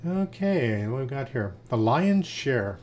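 A man reading fables aloud in a lively storytelling manner. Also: mid-range voice, takes it slowly, a little hiss or hum.

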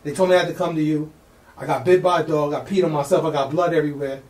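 A man, telling a wild story as a podcast guest, slangy and excited, acting out the people in it. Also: a little high, fast, reverberant, far from the mic. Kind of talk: animated storytelling.

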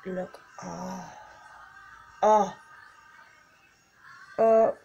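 A woman's voice: mid-range voice, steady tone, extremely slow, gravelly, warm tone, lo-fi sound, faint music behind. A teenage girl vlogging casually, chatty and gushing as she talks through photos on her phone. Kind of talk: casual vlog chat.

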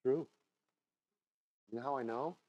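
A man preaching a sermon as pastor, moving between low confiding talk and loud impassioned shouting, often repeating and restarting phrases. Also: a little slow, dry recording, muffled recording.

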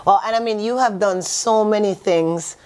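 A woman's voice: mid-range voice, normal speed, darkish tone. A woman hosting a talk show who interviews her guest in an upbeat, effusive way.

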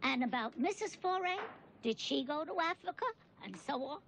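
A woman's voice: high voice, lively intonation, moderate pace, creaky, fairly bright tone, exaggerated voice. An actress playing a nosy, fussy woman neighbor who calls out and pries. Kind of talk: 1990 film romantic comedy acting. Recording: film soundtrack with background noise.

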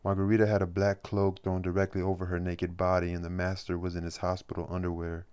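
A man reading a novel aloud as an audiobook, measured and steady with occasional restarts. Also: deep voice, clean tone. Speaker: audiobook reader.

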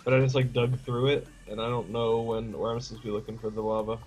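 A man's voice: mid-range voice, level tone, quick pace, darkish tone, faint music behind, rough recording. A man talking casually with a friend while playing a game, joking in a dry way. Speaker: co-player. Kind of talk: casual gaming chat.

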